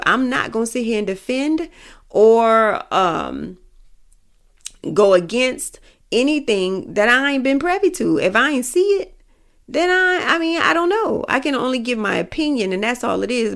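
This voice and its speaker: A woman's voice: a little high, expressive, moderate pace, gravelly. A woman hosting a podcast, giving her opinions in a blunt, vulgar, emphatic way with speech. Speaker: podcast host. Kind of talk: casual opinion monologue.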